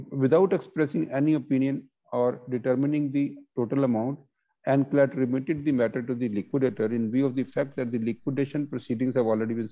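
A man walks listeners through legal rulings in a webinar, often pausing with fillers as he reads out and explains case text. His voice is mellow and middle-pitched, and the call audio sounds dull and lo-fi. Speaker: webinar presenter.

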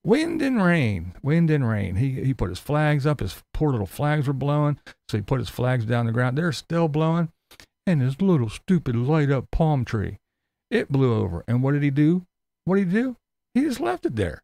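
A man with a gravelly, fry-laden voice hosts a live-stream commentary. He rants in a sarcastic, mocking way, swears freely and laughs often. His voice sits close and dry, with no room around it. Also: mid-range voice, lively intonation, moderate pace, dark tone, dry recording. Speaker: YouTube commentary host reading live chat.

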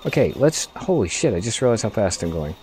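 A man giving let's play commentary, excitable, swearing often and talking back to the game. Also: fairly low pitch, brisk. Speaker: gaming video host.

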